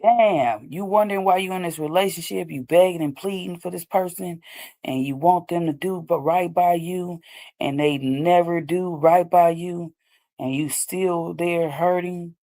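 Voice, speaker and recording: A woman's voice: fairly low pitch, steady tone, moderate pace, warm tone. A woman hosting a show, talking casually and loosely about healing after heartbreak, often asking "you know what I'm saying". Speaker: host. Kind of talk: casual advice talk.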